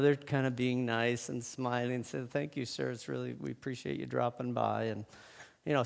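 A fairly high-voiced man tells a long, rambling story from a stage, joking with the crowd and circling back on himself. His voice rings out with a long reverb from the big hall. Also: fairly bright tone. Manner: chatty and joking, many fillers and restarts. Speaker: guest speaker at a church event.

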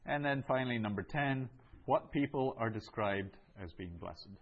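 A man teaching a Greek class, going over answers in a slow, measured way with many ums and uhs. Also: mid-range voice, highs cut off.

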